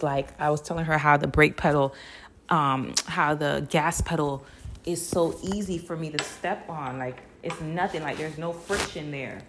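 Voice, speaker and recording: A young adult woman hosting a podcast, telling a story in a casual, animated way, laughing often and swearing freely with slangy asides. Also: sits low, normal speed, husky. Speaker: podcast host.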